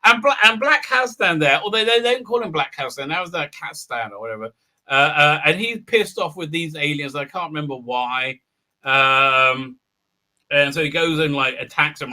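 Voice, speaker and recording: A rambling, irreverent man talks through a casual review, stumbling over fillers as he goes. His voice sits high for a man and sounds sharply bright and tense. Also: animated, moderate pace. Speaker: show host and reviewer.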